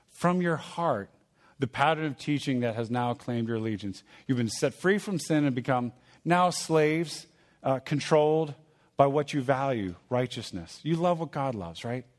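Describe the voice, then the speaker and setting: A man preaching a sermon in a conversational teaching manner, repeating key phrases and checking in with his listeners. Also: mid-range voice. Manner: teaching with a drawing. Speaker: pastor.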